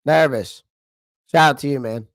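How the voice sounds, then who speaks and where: A man's voice: mid-range voice, moderate pace, dry recording, studio quality. A young man hosting a casual livestream, blunt and frustrated, laughing often, and losing his voice. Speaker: livestream host.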